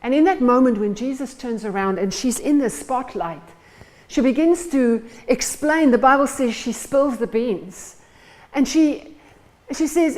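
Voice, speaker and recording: A woman's voice: on the high side, lively intonation, normal speed, darkish tone, rough recording. Woman preacher retelling stories. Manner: storytelling, acts out the scenes. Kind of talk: sermon. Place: church.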